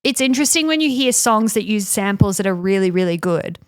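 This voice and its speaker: A woman's voice: mid-range voice, animated, a little fast. A woman co-hosting a podcast in casual chat, playful, laughing often and going off on tangents. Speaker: podcast co-host.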